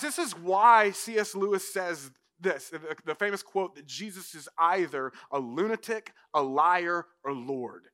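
A man pastor preaching a sermon in an animated, conversational way, often filling in with "like". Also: sits high.

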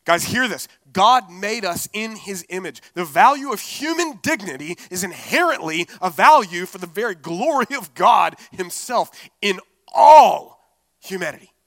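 A man preaching a sermon, expressive and conversational, with casual asides. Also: sits high, a little slow, no room sound. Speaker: pastor.

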